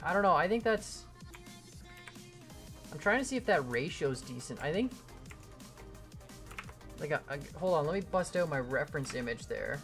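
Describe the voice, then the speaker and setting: A man's voice: fairly high pitch, lively intonation, moderate pace, pauses often, fairly bright tone, faint music behind. Rambling guy streaming. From Canada. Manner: rambling, self-deprecating, reads chat aloud. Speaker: gaming livestreamer. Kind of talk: casual livestream chat while building.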